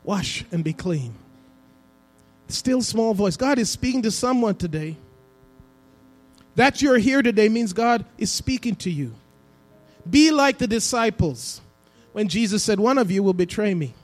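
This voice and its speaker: A man preaching a sermon as pastor in a church, dropping to a hush and then rising to emphatic cries. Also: high voice, expressive, normal speed. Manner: preaching with swings between hushed and emphatic delivery. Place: church sanctuary.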